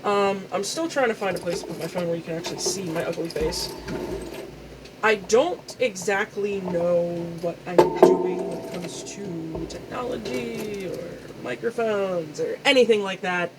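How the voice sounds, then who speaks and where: A woman's voice: fairly low pitch, measured pace, background noise. A young woman vlogging casually at home into a gaming headset mic, rambling, self-deprecating and swearing freely. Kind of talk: casual chat. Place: room at home. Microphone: video game headset mic.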